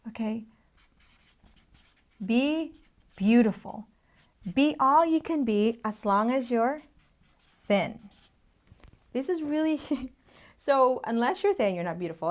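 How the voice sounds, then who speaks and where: Emphatic woman teaching, dips into whispers. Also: a little high. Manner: emphatic, often drops to a near-whisper for emphasis; repeats "okay?" to check in with listeners. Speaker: women's workshop presenter. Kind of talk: teaching talk at a whiteboard.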